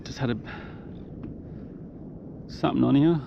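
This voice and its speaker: A young man narrates his own kayak fishing live, recorded outdoors on an action camera. His medium-pitched voice runs a little slow with vocal fry, and he whoops with breathless, exuberant excitement. The audio is dull, with background noise.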